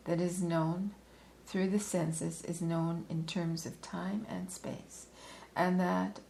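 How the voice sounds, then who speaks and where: A woman reading a philosophy book aloud in a measured, deliberate way, stopping now and then for a quick aside or to correct herself. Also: on the low side, creaky, a little hiss or hum, low-quality recording. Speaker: reader.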